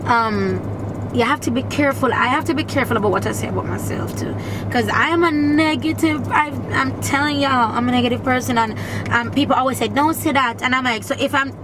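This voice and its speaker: A woman's voice: sits high, brisk, noisy background. A woman from Jamaica, chatting in a rambling way while doing her makeup in a parked car. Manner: rambling, chatty, many restarts. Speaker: beauty vlogger.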